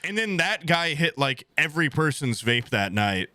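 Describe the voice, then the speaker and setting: A man's voice: fairly high pitch, sing-song, moderate pace, bright, forceful tone, no echo. A young man in his twenties telling a rambling, crude story to his stream chat at home, swearing bluntly as he goes.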